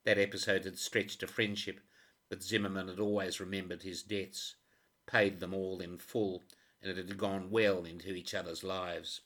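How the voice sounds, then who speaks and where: A man narrating a crime novel audiobook in a steady, even reading voice. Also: sits low, moderate pace.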